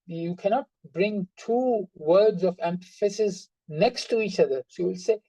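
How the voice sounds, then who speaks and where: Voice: mid-range voice, mellow, dry recording, rough recording. A teacher giving an online grammar class, explaining patiently, repeating examples and stressing words through tone of voice.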